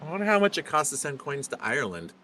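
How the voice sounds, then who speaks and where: A man's voice: a little high, sing-song, fast talker, pushed and bright, a little hiss or hum. A middle-aged man commentating a sim race, chatty and rambling, often laughing.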